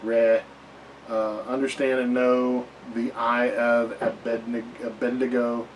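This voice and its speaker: Male reviewer, mid pitch, slow and rambling, dry wry asides, sits a bit off-mic with faint room noise. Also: level tone, far from the mic, low-quality recording. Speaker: reviewer of tabletop game books. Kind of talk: casual book review.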